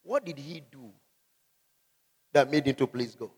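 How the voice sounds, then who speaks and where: A man preaching a sermon, asking the congregation questions and shouting out scripture. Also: mid-range voice, measured pace, breathy edge, long reverb tail. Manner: emphatic call-and-response preaching, shouting scripture.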